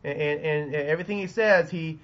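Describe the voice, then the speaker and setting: A man's voice: on the high side, brisk, dull audio. Rambling Southern man teaching a lesson. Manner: rambling, lots of ums and restarts. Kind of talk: recorded classroom lecture. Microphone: webcam.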